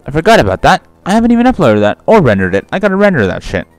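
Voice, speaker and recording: A man's voice: a little high, wildly swooping pitch, rapid-fire, dry recording, faint music behind. A young man doing casual let's-play commentary, rambling, swearing freely and correcting himself mid-sentence. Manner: rambling, profane, self-correcting.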